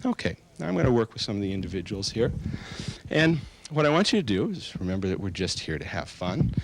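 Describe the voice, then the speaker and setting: A man working as a hypnotist, guiding a seated group through a stage hypnosis induction with slow, soothing, directive suggestions. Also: mid-range voice, no echo.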